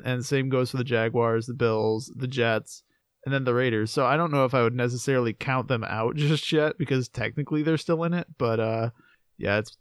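Young man, casual sports chat, relaxed, lots of fillers, dry sound. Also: medium pitch, clear, resonant tone, no echo. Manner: relaxed, many fillers like "you know" and "like". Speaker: podcast co-host.

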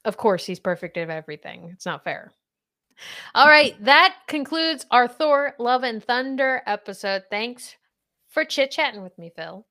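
Chatty woman podcast host quizzing. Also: a little slow. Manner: chatty, quizzing with lively swings of pitch. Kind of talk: casual chat.

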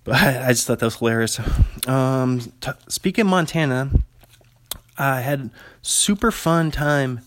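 A man's voice: medium pitch, measured pace, a bit bright, no room sound. Man rambling casually on a dry podcast. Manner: digressive, chuckling, casual storyteller. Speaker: podcast host. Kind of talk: solo rambling podcast monologue.

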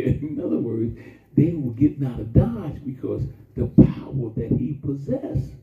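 A man preaching a sermon in a call-and-response style, drawing out his emphasis slowly and then rushing through asides. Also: mid-range voice, very animated. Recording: distant, echoey, phone-like sound from far off.

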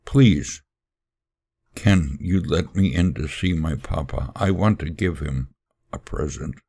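A man's voice: very deep voice, takes it slowly, vocal fry, a little mellow, husky, heavily acted. A man voicing a pleading orphan girl. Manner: pleading, earnest. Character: poor pleading little girl, orphaned and tearful.

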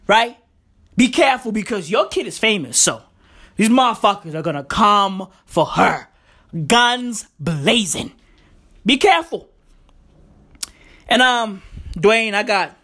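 A woman's voice: medium pitch, a bit bright. A woman, hosting her show with a profane, emphatic, repetitive comedic rant. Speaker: podcast host.

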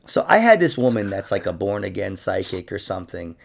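A man's voice: deep voice, sing-song, fairly quick, gravelly. A young man hosting a podcast, chatting casually and cracking profane, jokey stories. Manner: profane, jokey storyteller who laughs at his own lines. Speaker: podcast host. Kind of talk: casual chat.

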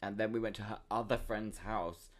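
A young man, co-hosting a podcast and telling a story in a casual, animated way, laughing often and acting out the voices of the people in it. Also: on the low side, moderate pace. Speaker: podcast co-host.

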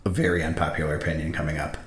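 A man chatting casually and profanely, getting animated when he retells scenes. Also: a bass voice, very fast, reverberant. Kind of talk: casual chat.

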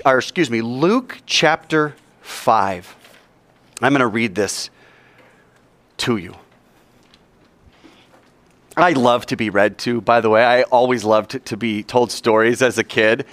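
Animated man preaching a sermon. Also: mid-range voice, no room sound. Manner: animated, acts out characters in his story. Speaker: pastor. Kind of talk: sermon storytelling.

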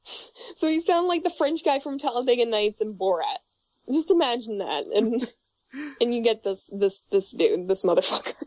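A woman's voice: fairly high pitch, lively intonation, moderate pace, a little mellow, no echo. A woman on a podcast telling a story in casual chat, laughing often and swearing freely. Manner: laughs often through her story, loose and profane.

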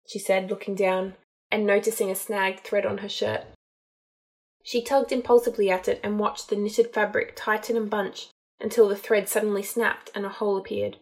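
A woman narrating a story as an audiobook, in a calm, even storytelling manner. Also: mid-range voice, moderate pace, vocal fry. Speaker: audiobook reader.

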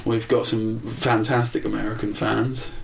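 A man's voice: lowish voice, level tone, normal speed, creaky, a little hiss or hum, low-quality recording. A man co-hosting a podcast in casual chat, laughing often and swearing freely. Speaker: podcast co-host.

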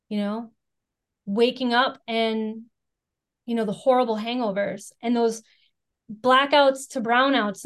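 A young American woman with a somewhat higher voice speaks in a candid personal testimony. She talks frankly and with self-deprecating humor. Her speech is loose and conversational, full of "you know" and "right". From Chicago area, United States. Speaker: speaker sharing recovery story.

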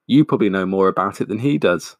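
A man's voice: sits low, lively intonation, fast talker, no echo, clean studio sound. A man voicing an anxious young woman who talks in an earnest, cautioning way.

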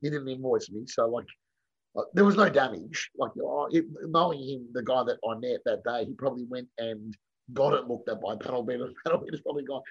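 A man telling lively anecdotes in a casual chat, acting out what people said and swearing freely. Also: mid-range voice, quick pace, husky. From Australia. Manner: animated anecdotes with voiced quotes, swearing freely. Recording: dull lo-fi recording.

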